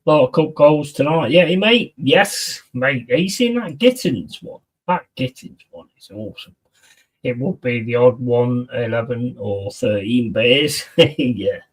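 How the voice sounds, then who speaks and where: Man, casual stream chat, heavy swearing, middle pitch, a bit distant from the mic. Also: expressive, measured pace. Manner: swears a lot, chatty, reacts to viewers' messages.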